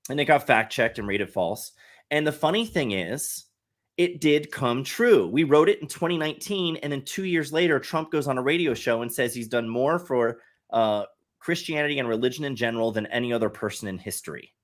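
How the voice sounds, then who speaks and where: With an animated, mid-range voice, this man talks a little fast. He's the satire site head guesting on a casual podcast, speaking long and earnestly to explain his points while often restarting.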